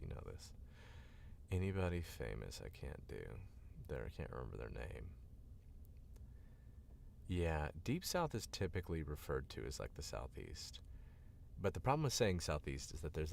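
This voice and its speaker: A man with a very deep, gravelly voice, feeling a bit sick. He rambles through casual stream chat about voice acting with lots of fillers, and his pitch swings widely as he gets animated. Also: moderate pace, pauses often, a little hiss or hum. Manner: rambling, filler-heavy and animated, demoing accents. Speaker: voice actor.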